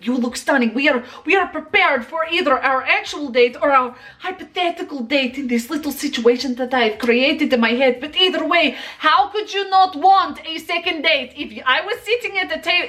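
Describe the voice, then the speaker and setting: A chatty woman talks through a casual makeup tutorial, rambling with plenty of fillers and playful theatrical flourishes. Her voice sits high and swings widely up and down as she hypes up the viewer. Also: expressive, normal speed, few pauses, bright, forceful tone. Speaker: makeup vlogger.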